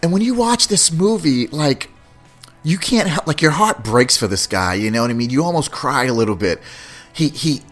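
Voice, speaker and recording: Male podcast host, rambling and animated, lively pitch, faint music behind. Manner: animated, rambling, laughs often. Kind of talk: casual podcast chat.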